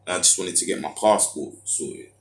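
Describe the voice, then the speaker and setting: Deep-voiced frustrated man. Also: normal speed, reverberant. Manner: frustrated storytelling with street slang and many fillers. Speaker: vlogger. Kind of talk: casual monologue.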